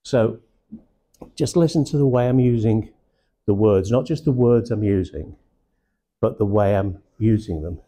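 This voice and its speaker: A man leading a live sales training session in a room, teaching with slow, emphatic stresses on key words. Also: on the low side, warm tone.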